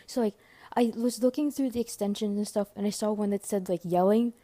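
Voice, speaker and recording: Excitable, cussing young woman from Maryland. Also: medium pitch, a little fast, no echo. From Maryland, USA. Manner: gushing, swears often, heavy use of "like"; drops to hushed whispers at times. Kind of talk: excited casual storytelling to camera.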